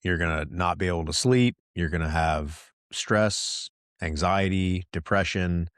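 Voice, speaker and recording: A man's voice: deep voice, a little slow, no room sound, clean studio sound. A middle-aged man hosting a solo podcast, talking candidly and rambling with lots of restarts. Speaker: podcast host.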